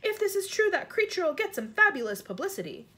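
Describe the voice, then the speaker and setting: Woman shouting as excited policemen. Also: very high voice, fast talker, voice pushed up, exaggerated voice. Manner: loud exclamations. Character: crowd of excited city policemen. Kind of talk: children's book read aloud.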